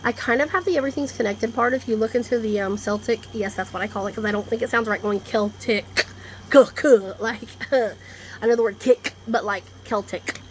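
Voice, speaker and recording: A woman with a somewhat high voice rambles through a casual vlog monologue. She is blunt and swears freely, hopping from one topic to the next. Faint room ambience sits under her voice. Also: a little fast, slight background noise. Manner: blunt, profane, animated, jumps between topics. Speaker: vlogger. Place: indoors, storm coming in outside.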